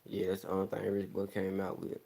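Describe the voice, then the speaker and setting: A man's voice: low voice, completely flat delivery, brisk, creaky, warm tone. A young man from the American South with a country accent, chatting casually in a loose, rambling way, slurring words a little and laughing often. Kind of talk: casual chat.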